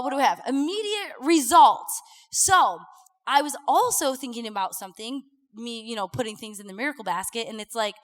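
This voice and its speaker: Bright high-voiced woman preaching. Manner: chatty, animated, many fillers like "like", acts out quotes. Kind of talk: casual sermon with personal stories. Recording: live talk with long hall reverb.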